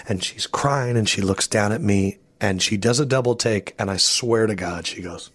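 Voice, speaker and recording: A man's voice: mid-range voice, normal speed. A man co-hosting a podcast, telling a story in casual chat and acting out the people in it. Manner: animated, acts out voices in anecdotes. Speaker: podcast co-host.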